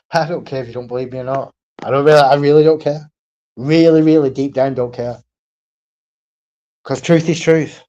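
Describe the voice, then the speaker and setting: A man's voice: mid-range voice, steady tone, normal speed, long pauses, warm tone, lo-fi sound. A man ranting on his own live stream, blunt and profane, repeating himself and asking "right?" again and again. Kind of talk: solo livestream rant.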